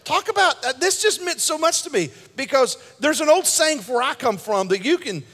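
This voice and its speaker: Man, pastor, high voice, emphatic sermon, calls for amen, long church reverb. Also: big pitch swings, normal speed, hardly any pauses, fairly bright tone. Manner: emphatic preaching with call-outs for amen; repeats and restarts words as he builds a point.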